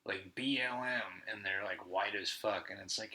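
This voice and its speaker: A man's voice: fairly low pitch, moderate pace, pushed and bright, rough recording. A man hosting a podcast, telling stories in a casual, profane, rambling monologue. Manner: profane, ranting storyteller. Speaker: podcast host.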